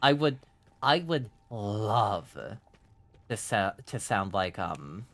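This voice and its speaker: Excitable streamer with a faded German accent. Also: male voice, on the low side, dry recording. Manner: excitable, profane, quick to laugh. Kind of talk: live gameplay commentary.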